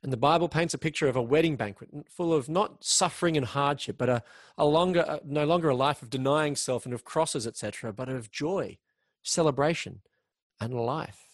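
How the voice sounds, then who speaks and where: A man preaching a sermon in an earnest way, slowing down to stress key words. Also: a little high, dry recording, clean studio sound. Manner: earnest, slows down for emphasis, occasional restarts.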